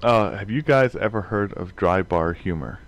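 A man's voice: on the low side, expressive, normal speed, muffled recording. A man in a casual group chat, telling rambling anecdotes and chuckling often as he goes.

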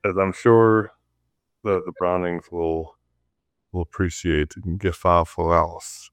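Very deep-voiced wry man. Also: fairly even intonation, slow, clear, resonant tone, no room sound. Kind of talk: casual chat.

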